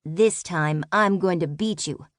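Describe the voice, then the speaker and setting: A woman reading a young storybook prince, a boy with a friendly competitive streak, spoken in her own low, unhurried voice. Plain and lightly teasing, with a dry close sound. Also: no echo, natural voice.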